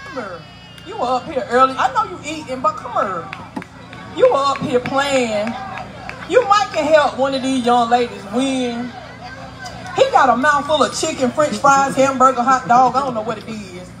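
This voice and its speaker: A woman emceeing a live outdoor community event on a handheld mic, teasing and working the crowd loudly. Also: high-pitched, animated, moderate pace, poor audio. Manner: playful, teasing, loud crowd-work. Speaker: event emcee and radio host. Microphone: handheld microphone.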